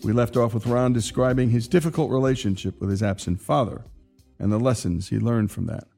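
A male radio host giving a measured, scripted lead-in back into a guest's story. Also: medium pitch, gravelly, warm tone, faint music behind. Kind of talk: scripted show introduction.

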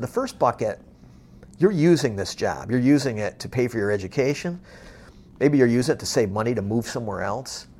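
A man's voice: mid-range voice, a little mellow. A man who runs a moving company, telling motivational stories in a blunt, tough-love way, swearing freely and acting out the conversations he retells. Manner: acts out quoted conversations. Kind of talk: motivational storytelling.

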